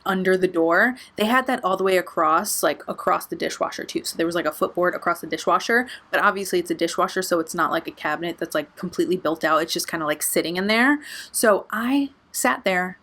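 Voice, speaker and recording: A woman's voice: lowish voice, fairly bright tone. A young adult woman vlogger telling a story in a casual way, swearing a lot and using many filler words. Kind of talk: storytime vlog.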